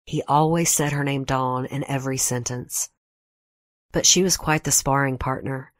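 A woman hosting a true crime podcast, giving a measured scripted narration and reading quotes in her own voice. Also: very deep voice, fairly even intonation, no echo, studio quality.

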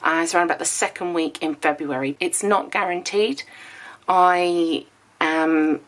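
This is a woman in her thirties talking casually to her viewers, her speech carrying a slight lisp from the aligners she wears. Her voice sits a little on the low side, and she rambles along in a friendly, chatty way, going off on tangents as she talks. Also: measured pace. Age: 30s. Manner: chatty and rambling, with small laughs. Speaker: planner vlogger. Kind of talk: casual vlog chat.

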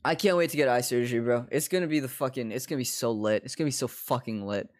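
A man's voice: medium pitch, fast talker. A young man live streaming from his desk at home, chatting casually, swearing constantly, laughing often and slipping into other accents.

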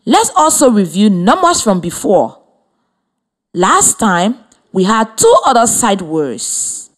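Slow, lively-voiced woman teaching by radio. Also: mid-range voice. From Liberia. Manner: slow, clearly articulated, encouraging teacher talk. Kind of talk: slow scripted classroom instruction. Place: radio studio with students present.

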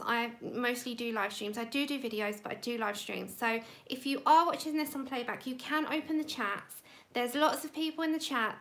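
A woman's voice: high voice, a bit bright. A woman hosting a live colouring stream, chatting casually and rambling as she greets viewers by name. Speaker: livestream host.

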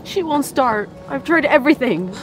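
A woman's voice: sits high, expressive, normal speed, slight background noise. An actress playing a worried adult woman who cannot pay the rent, speaking anxiously. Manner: anxious, pleading.

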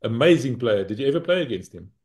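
A man's voice: mid-range voice, big pitch swings, fast talker, darkish tone. Man reminiscing as an interviewer. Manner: reminiscing, asks questions casually. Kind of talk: conversational interview.

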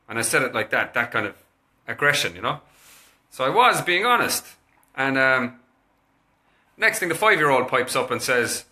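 A man, chatting casually to camera and telling a story in a lively, animated way. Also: mid-range voice, moderate pace. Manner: chatty, animated, acts out what he said to his kids. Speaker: kinesiologist recommending a parenting book.

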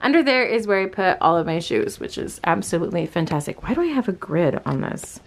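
A woman's voice: fairly low pitch, animated, a little fast, slight background noise. A young woman vlogging a casual tour of her small bedroom, candid and rambling, a bit out of breath, filmed on a handheld phone. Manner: chatty and candid, rambling with fillers. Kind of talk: casual vlog room tour.

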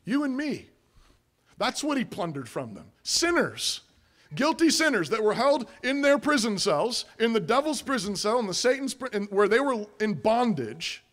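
Man, high-pitched, preaching, emphatic, repetitive, rhetorical questions. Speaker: pastor. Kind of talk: sermon.

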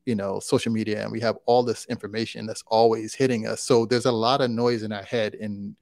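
A man talking casually as a photographer guest in an interview, relaxed and rambling, with lots of fillers and restarts. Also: lowish voice, a little fast, gravelly, no echo, studio quality.

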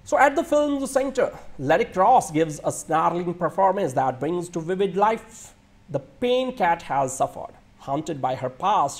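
A man with a notably high voice reads a written film review aloud. His delivery follows the script closely, with the odd stumble where he restarts a word before moving on.

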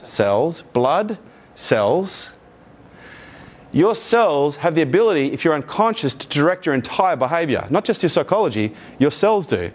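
A man's voice: on the high side, very animated, measured pace. A man giving a live motivational keynote to an audience, swearing freely and acting out quoted voices. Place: conference room with live audience.

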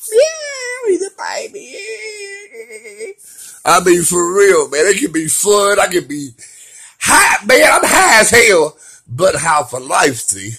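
Speaking a little slowly, this husky, bright-voiced man in his forties rambles casually for his vlog from his bed beside an open window at home. He swings animatedly from loud bursts of laughter to quiet, low speech.

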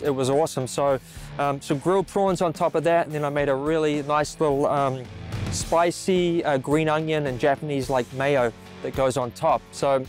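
A man from New Zealand with a New Zealand accent, a chef talking in a casual, enthusiastic way with lots of "you know". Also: on the high side. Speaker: chef visiting the shop. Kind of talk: casual interview.

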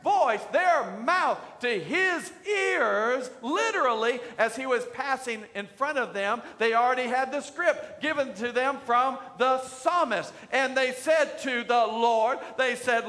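A male pastor preaches in a bright, high voice that rings through a church hall. He leads the congregation in call-and-response and climbs into shouted declarations. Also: lively intonation, takes it slowly. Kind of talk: sermon. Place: church sanctuary.

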